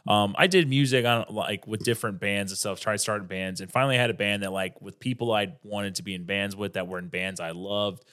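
A man's voice: fairly low pitch, brisk, few pauses, fairly bright tone. A man talking as a comedian guest on a podcast, rambling in casual chat, often restarting his sentences and swearing freely.

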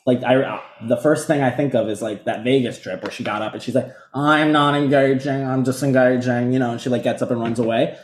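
A man's voice: mid-range voice, fast talker, hardly any pauses, darkish tone. Gossipy man with an echoey room sound. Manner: gossipy, filler-heavy, acts out quotes. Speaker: podcast co-host. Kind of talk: casual chat.

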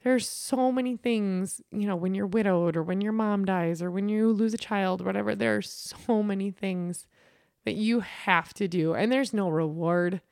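A woman's voice: mid-range voice, normal speed, gravelly, darkish tone, dry recording. Earnest woman with a dry, close voice. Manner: earnest, rambling, many fillers and restarts. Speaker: podcast host. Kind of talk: candid personal storytelling.

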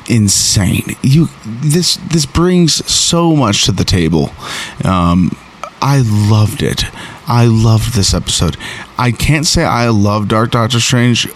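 A man hosting a show, recapping and reviewing an episode in a rambling, excitable way with many fillers and restarts. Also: mid-range voice, slight background noise.

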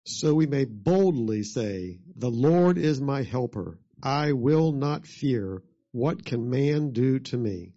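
Man reading scripture, very slow, mellow dark tone, dull muffled recording. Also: mid-range voice, expressive.

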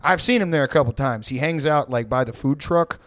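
A man's voice: mid-range voice, fairly quick, a bit bright, dry recording, studio quality. A man telling a story on a podcast, rambling and profane with many fillers. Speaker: podcast co-host. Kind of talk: casual storytelling.

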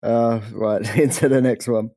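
A man's voice: mid-range voice, steady tone, a little slow, mellow, dry recording. A tired man co-hosting a podcast in casual chat, laughing often and swearing. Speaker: podcast co-host.

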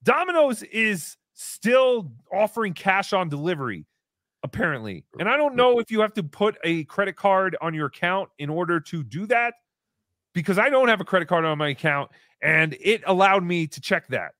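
A man hosting a casual live show, excitably chatting and reading out viewer messages. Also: sits high, normal speed, no room sound, studio quality. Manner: excitable, reads out paid messages. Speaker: show host.

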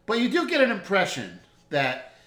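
A man narrating as game master of a tabletop game, animated and laughing as he tells the story. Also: high-pitched, normal speed. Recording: echoey room.

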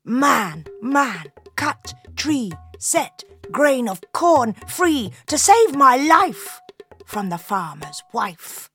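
A woman voicing a small, desperate male crow in a children's story, with shrill cawing cries. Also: very animated, drawn-out words, fairly bright tone, slightly rough, faint music behind, exaggerated voice. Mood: pleading.

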